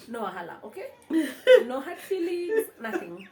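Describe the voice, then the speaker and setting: A woman's voice: fairly high pitch, moderate pace. A young Kenyan woman hosting a casual chat, telling stories with frequent laughter. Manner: animated storyteller, laughs often. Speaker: vlog host. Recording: echoey room with faint ambience.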